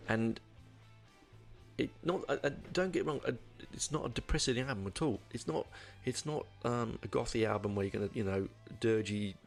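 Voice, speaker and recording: A man's voice: lowish voice, creaky. A man hosting a podcast, rambling through a casual album review with many fillers and restarts. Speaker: podcast host.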